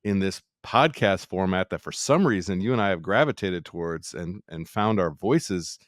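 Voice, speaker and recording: A man with a very deep voice thinks out loud and circles around his point with questions to himself. The sound is dry and close. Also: expressive, normal speed, no echo. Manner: reflective, rambling, self-questioning. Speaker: chef. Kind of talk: candid podcast conversation.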